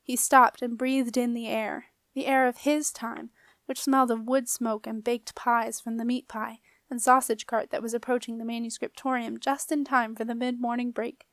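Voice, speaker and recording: A woman narrating a children's fantasy audiobook in a clear, expressive manner. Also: a little high, moderate pace, dry recording. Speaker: audiobook reader. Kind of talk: storybook narration.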